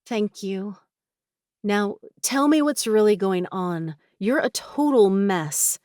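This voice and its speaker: A woman's voice: lively intonation, slow, a little mellow, no echo, studio quality. A woman narrator voicing a younger sister, a prickly but remorseful young woman, in a raised, emotional voice. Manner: higher, emotional, shifting from guarded to teary.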